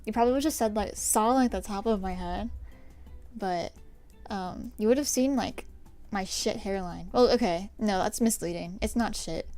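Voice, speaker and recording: Giggly young woman streamer chatting. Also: medium pitch. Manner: chatty and giggly, drifting into soft whispers. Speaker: livestreamer. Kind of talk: casual chat answering a live chat. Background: faint stream music.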